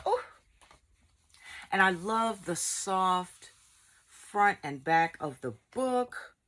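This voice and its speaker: A woman hosting a casual crochet vlog, gushing with excitement as she opens her mail and reads it aloud. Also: mid-range voice, extremely slow. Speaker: crochet channel host.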